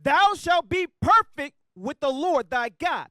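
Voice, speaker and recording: A man reads scripture aloud in a sermon, taking each verse slowly and with formal care. His voice sits very high for a man, and the sound is dry and close. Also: expressive, sharp tone, dry recording. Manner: slow, deliberate, formal reading. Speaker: scripture reader.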